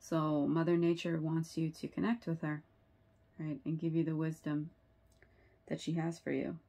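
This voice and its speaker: Woman tarot reader, earnest and sympathetic; low, gravelly voice. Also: little pitch movement, normal speed, dark tone. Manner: earnest and sympathetic, many fillers and rhetorical "right?". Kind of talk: tarot reading video.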